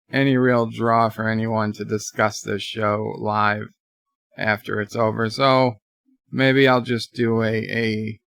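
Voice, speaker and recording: A man's voice: mid-range voice, creaky, fairly bright tone, clean tone, no echo, clean studio sound. A man giving a casual, rambling live review of a TV episode, with many restarts, retelling scenes. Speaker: YouTube TV reviewer.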